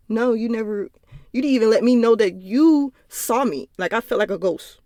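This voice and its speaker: Her voice is fairly high and darkish, delivered briskly and with animation. She's a young woman running her own podcast from home, spinning rambling, profane personal stories with laughing asides. The audio is clean studio sound without room sound.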